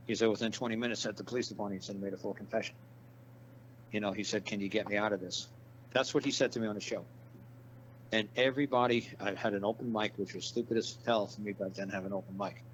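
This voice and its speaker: Low-voiced guy rambling through a story, swears a lot, dull muffled audio with a bit of hum. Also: steady tone, fast. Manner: rambling, profane, acts out quoted dialogue. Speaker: interview guest. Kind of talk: casual storytelling interview.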